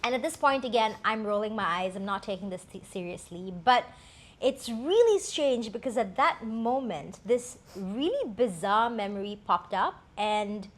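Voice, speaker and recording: A woman's voice: mid-range voice, animated, moderate pace. A woman co-hosting a talk show, telling a personal story in a candid, reflective way with many fillers. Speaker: co-host.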